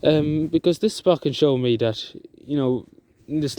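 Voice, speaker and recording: A man talking to camera outdoors in the countryside, halting and emotional, with many fillers and restarts. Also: fairly high pitch. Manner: soft-spoken and emotional. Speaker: vlogger. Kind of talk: emotional outdoor vlog talk. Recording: outdoor noise in the background.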